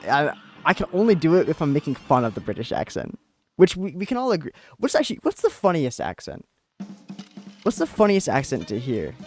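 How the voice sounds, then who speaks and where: A man's voice: on the high side, darkish tone. A young American man streaming a game, chatting casually and rambling with lots of fillers and restarts. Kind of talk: casual chat while gaming.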